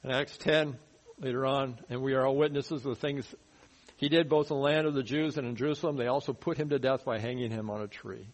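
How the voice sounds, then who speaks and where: A man teaching verse by verse through a Bible passage in a conversational sermon, often dropping his voice low to stress a point. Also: steady tone, a little fast, rough recording. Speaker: pastor. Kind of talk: expository sermon.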